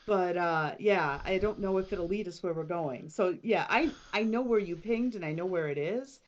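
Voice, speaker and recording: A woman's voice: on the low side, moderate pace. A woman playing in a tabletop game, chatting in a hesitant, easygoing way. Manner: chatty, hesitant, laughs easily. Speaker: player. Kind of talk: casual chat. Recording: dull, slightly lo-fi mic.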